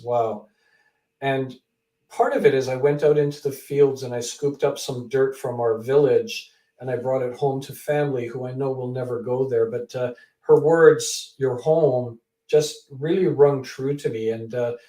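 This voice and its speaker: Animated man telling a story in an echoey room. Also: medium pitch, normal speed. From Canada. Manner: animated storyteller who acts out quoted people. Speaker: author and guest. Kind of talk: interview storytelling. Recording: echoey room, distant from mic.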